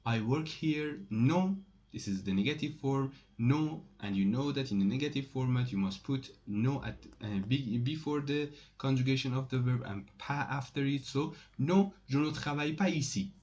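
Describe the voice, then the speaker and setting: Male language tutor, mid pitch, halting delivery full of fillers, repeats examples, muffled lo-fi take. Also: a little mellow. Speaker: French teacher. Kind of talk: casual spoken language lesson.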